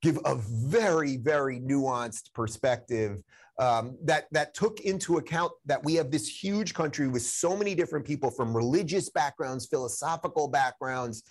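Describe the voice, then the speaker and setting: Male guest author, forties, earnest and measured, mid-pitched. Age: 40s. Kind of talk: political talk show interview.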